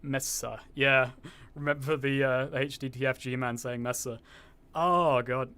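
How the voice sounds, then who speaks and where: Speaking at a measured pace in a steady, mid-range voice, this young man streams a game and talks loosely with viewers, rambling, cursing freely and reading out chat messages. His tone is pushed and bright, clear and resonant, with a slightly posh edge.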